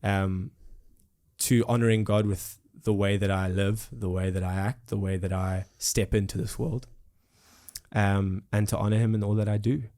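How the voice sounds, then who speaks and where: A man's voice: lowish voice, steady tone, moderate pace, mellow. A young man in his twenties with a South African accent, talking earnestly and reflectively in an interview, with many fillers and restarts. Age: 20s. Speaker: musician guest. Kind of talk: casual interview conversation.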